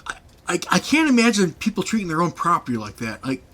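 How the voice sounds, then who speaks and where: Brief: young male host, casual storyteller, bright tone, lots of laughter and filler words. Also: high voice, very animated, fast talker. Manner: laughing often, rambling with fillers. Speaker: podcast host.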